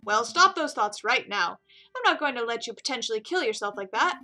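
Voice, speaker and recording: A woman's voice: fairly high pitch, animated, a little fast, sharp tone, faint music behind. A woman voicing a flustered young male bird lawyer in a game, with frantic, worried outbursts. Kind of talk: game dialogue read aloud.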